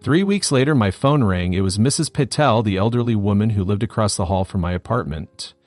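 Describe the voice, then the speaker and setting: A man with a fairly low voice narrates a scripted first-person story. His delivery is steady and matter-of-fact. The sound is dry and close, with faint music underneath. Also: a little fast, no room sound.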